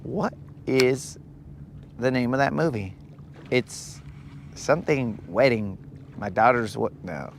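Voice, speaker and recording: A man's voice: medium pitch, gravelly, a little hiss or hum. A young man hosting a live fishing stream, chatting casually in a rambling, joking way from a boat on a lake. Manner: rambling, joking, slow-paced. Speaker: fishing livestream host.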